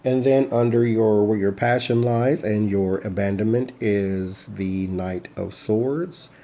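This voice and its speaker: A blunt man gives a casual tarot reading, speaking straight at someone who is not in the room. His voice sits on the low side and sounds mellow and relaxed rather than sharp. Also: takes it slowly, a little hiss or hum. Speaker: tarot reader.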